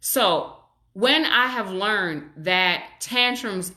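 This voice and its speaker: Bright clear woman doing a live parenting chat, reassuring, bit of room echo. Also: medium pitch, expressive, extremely slow. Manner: warm, reassuring, acts out parent and child voices. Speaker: child psychologist hosting a live stream. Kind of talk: live-stream parenting talk answering viewers. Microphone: webcam or phone on a live stream.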